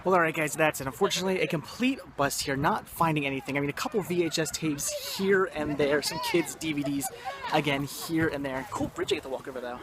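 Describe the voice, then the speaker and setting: A man's voice: fairly high pitch, animated, brisk, background noise. A young man hosting a casual vlog outdoors at a yard sale, enthusiastic and rambling, often correcting himself. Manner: enthusiastic, repeats "very cool" and "awesome". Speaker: vlog host.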